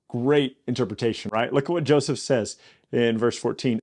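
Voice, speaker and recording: A man who is a pastor, teaching through a Bible passage in a casual way. He is animated, repeats himself when worked up and rises into excited disbelief. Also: medium pitch, fairly quick.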